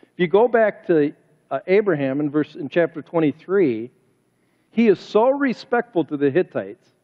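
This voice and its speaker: A male pastor preaches a sermon in a fairly high voice, pressing his points with rhetorical questions. His words ring with a long reverb through the church sanctuary. The recording sounds dull and lo-fi. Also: sing-song, normal speed.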